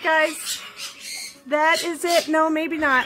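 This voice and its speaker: A woman's voice: very high-pitched, flat delivery, takes it slowly, very noisy. A middle-aged woman, a pet vlogger, chatting to her camera and talking baby talk to her pet birds in a dim room at night. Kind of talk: casual chat to camera and pets. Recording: loud bird squawks throughout. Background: loud squawking birds.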